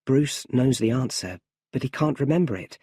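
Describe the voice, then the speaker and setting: A man's voice: mid-range voice, animated, moderate pace, warm tone, slightly rough, no room sound, clean studio sound. A man reading a story aloud for English learners, in a careful storybook manner. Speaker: audiobook narrator. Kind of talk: slow scripted narration for English learners.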